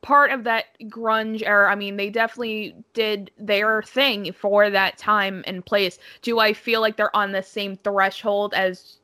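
An opinionated woman co-hosts a casual chat podcast, pressing her points with emphasis and cursing often. Her voice sits at an ordinary middle pitch for a woman. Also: level tone, a little slow, hardly any pauses, pushed and bright. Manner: opinionated, emphatic, swears freely. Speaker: podcast co-host.

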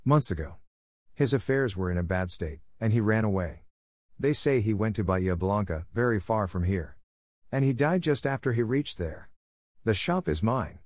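A man's voice: on the low side, lively intonation, moderate pace, a little mellow, no echo, clean studio sound. A man voicing a gray-haired older shopwoman who answers in a matter-of-fact way. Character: gray-haired old shopwoman, brusque but kind.

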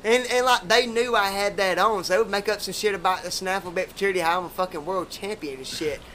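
A man's voice: high voice, fast talker, pushed and bright, slight background noise. A man, hosting a podcast and telling rambling, profane stories in casual chat. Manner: profane, rambling, laid-back drawl.

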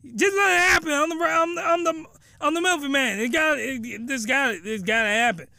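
A man's voice: very high voice, moderate pace, vocal fry, pushed and bright, dry recording, pitched above the performer's own voice, full character voice. A man voicing a cocky young man who talks in a pushy, insistent way.

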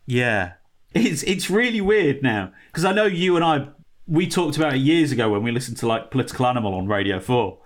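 A man's voice: mid-range voice, big pitch swings, brisk. A man co-hosting a podcast in casual chat, joking and swearing as he riffs. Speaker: podcast co-host. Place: home in Los Angeles.

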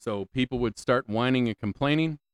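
A man's voice: medium pitch, a little fast, clear, resonant tone, dry recording. A man hosting a solo podcast, ranting with lots of swearing, repeated questions and stammering restarts, on a close mic. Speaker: podcast host.

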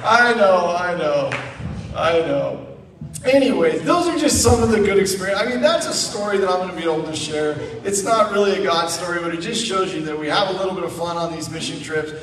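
A man's voice: sits high, fast, hardly any pauses, crowd noise. Laughing man telling a story, echoey hall. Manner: animated, laughs through the story. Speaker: guest speaker at church. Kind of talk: storytelling testimony. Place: church sanctuary. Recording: echoey church hall from a distance.

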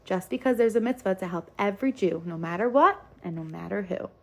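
A woman's voice: mid-range voice, animated, a little fast. A woman voicing an eager, helpful young boy who urges his brother on. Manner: eager, insistent.

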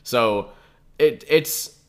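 Rambling young man with a bright voice. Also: mid-range voice, drawn-out words. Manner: rambling, laughing storyteller, loose and profane. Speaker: podcast co-host. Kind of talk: casual chat.

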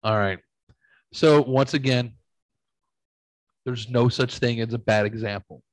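A man's voice: mid-range voice, steady tone, a little slow, no room sound, rough recording. A man in his thirties hosting a casual chat, telling stories with lots of swearing and acting out the people he quotes. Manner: profane, storytelling, acts out quoted voices. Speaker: podcast host.

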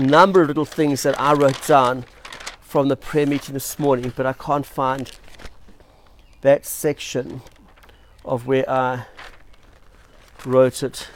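A man from South Africa preaching a sermon as pastor, telling stories in a chatty, self-deprecating way. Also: a little high.

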